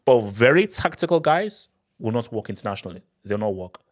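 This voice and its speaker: A man hosts a casual live Q&A, talking loosely and breaking into laughter now and then. His voice sits at an ordinary middle pitch and he often starts a phrase over before finishing it. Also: fairly quick. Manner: animated, repetitive restarts, laughs often. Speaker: football channel host.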